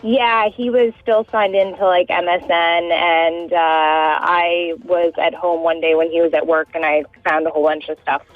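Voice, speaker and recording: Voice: medium pitch, flat delivery, moderate pace, hardly any pauses, faint music behind. A caller telling a personal story on a radio show, chatty and hesitant. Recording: tinny dry phone line.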